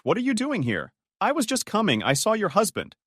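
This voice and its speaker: A woman's voice: a bass voice, wildly swooping pitch, moderate pace, a bit bright, no room sound, studio quality, full character voice. A man reading the lines of a distraught, tearful mother in a narrated story. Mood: upset.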